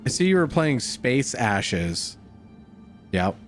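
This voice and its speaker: A man's voice: medium pitch, sing-song, takes it slowly. A young male streamer talks through a space game with a mid-range voice. He curses freely, cracks jokes and laughs often, with game music playing under him. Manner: profane, joking, laughs often, calls everyone dude. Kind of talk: casual gaming commentary.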